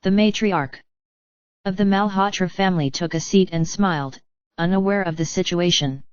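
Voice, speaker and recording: A woman reading an audiobook in scripted narration, voicing every character in the same even narrating voice. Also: fairly low pitch, normal speed, clean tone, no room sound, muffled recording.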